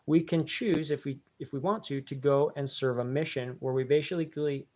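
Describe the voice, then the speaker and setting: Man, live-stream host, casual and grateful, hesitant and rambling, pitched a bit high. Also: normal speed. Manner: rambling, hesitant with many fillers and restarts; warm and grateful toward viewers. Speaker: channel host reading viewer donations.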